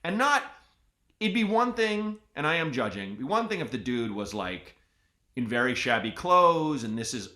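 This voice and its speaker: Podcast host guy telling funny stories, bright tone, echoey room. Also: medium pitch, moderate pace. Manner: animated storyteller, jumps into loud put-on voices. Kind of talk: casual comedic chat. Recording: roomy echo.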